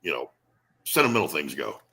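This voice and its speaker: A man tells stories in a lively, bouncing voice that swings widely up and down in pitch. His tone is bright and forward, and he rambles casually through them with many fillers as an interview guest. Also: brisk, creaky. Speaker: guest, former pro wrestler.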